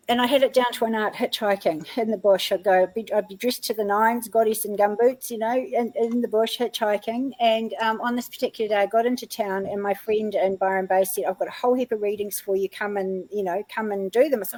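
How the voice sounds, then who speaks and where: A woman's voice: medium pitch, a little mellow, poor audio. Woman, middle-aged, casual guest storyteller, loose and talkative. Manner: chatty, laughing, lots of fillers. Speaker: guest healer.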